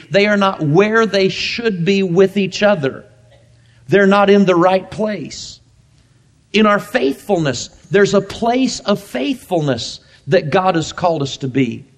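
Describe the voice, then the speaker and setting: High-voiced man preaching a sermon. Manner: emphatic preaching with repetition and deliberate slowdowns. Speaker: pastor.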